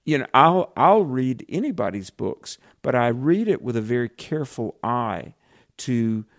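A Southern man speaking with an earnest, preacherly conviction as co-host of a faith talk program. His pitch sits at an ordinary middle level. He talks in a casual radio way. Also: animated, unhurried.

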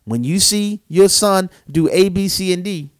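A man's voice: high voice, unhurried. A man co-hosting a Christian talk show, speaking in an earnest, emphatic, preacherly way. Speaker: co-host. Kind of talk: Christian podcast conversation, preaching manner.

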